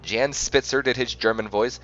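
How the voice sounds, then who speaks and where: A man's voice: mid-range voice, steady tone, normal speed, a bit bright, highs cut off. A man hosting a game playthrough, reading facts aloud and often stumbling and correcting himself. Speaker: gaming channel host.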